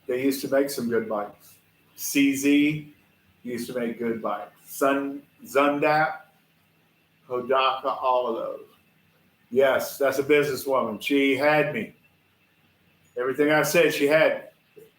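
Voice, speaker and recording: A man's voice: mid-range voice, fairly even intonation, slow, pauses often, reverberant. A man, hosting a casual livestream show and telling rambling stories straight to his viewers in a chatty, folksy way. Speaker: host of a livestream shop show. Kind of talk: casual rambling storytelling to chat. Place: workshop.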